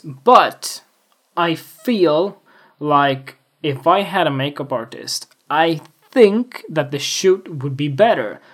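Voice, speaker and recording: A man's voice: a little high, fairly bright tone. Rambling man with a self-mocking, jokingly boastful streak. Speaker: podcast host. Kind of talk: casual solo podcast monologue. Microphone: USB desktop microphone.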